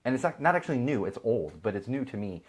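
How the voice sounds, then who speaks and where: Fast-talking, ranting male podcast host. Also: medium pitch, sing-song. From Chicago, USA. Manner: ranting, sarcastic asides, mimics other people. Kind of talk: casual live-stream chat.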